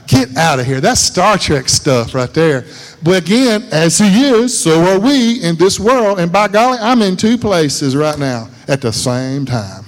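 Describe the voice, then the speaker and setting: A man preaching a sermon in a folksy, animated way, repeating lines for emphasis. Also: on the high side, moderate pace. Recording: reverberant hall.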